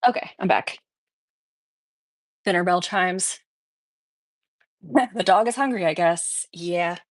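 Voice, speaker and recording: A woman's voice: fairly low pitch, takes it slowly, no echo. A woman chatting on a casual livestream from her desk at home. She rambles along and laughs often. Her voice is dry and close. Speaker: streamer. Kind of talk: casual live-stream chat.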